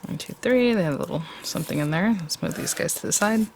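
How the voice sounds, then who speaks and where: A woman's voice: on the low side, lively intonation, fast talker, vocal fry, a little hiss or hum. A woman hosting a craft tutorial, chatting casually and thinking aloud as she works.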